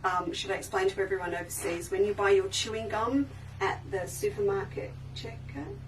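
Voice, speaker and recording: A woman's voice: mid-range voice, fairly even intonation, normal speed. Chatty woman, slightly off-mic. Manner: chatty, enthusiastic, trails off and restarts. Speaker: fabric shop owner hosting a live sale. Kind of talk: casual live-stream sales chat. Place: indoors in a sewing shop. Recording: slightly distant mic with faint background noise.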